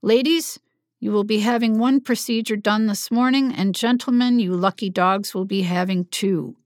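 A woman voicing a brisk, cheerful male doctor with a heavy Scottish accent, upbeat and teasing. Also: medium pitch, steady tone, no echo, clean studio sound, lightly acted. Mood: jovial.

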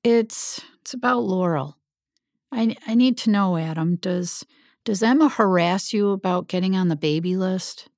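A woman voicing a distressed adult man, a smith, who pleads and then shouts. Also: medium pitch, unhurried, no room sound, clean studio sound, close to an everyday voice. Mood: pleading.

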